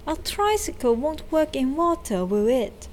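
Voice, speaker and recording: A woman's voice: sits high, big pitch swings, measured pace, a little mellow, slight background noise, pitched above the performer's own voice. A woman voicing a thoughtful, curious little storybook character who talks earnestly and exclaims.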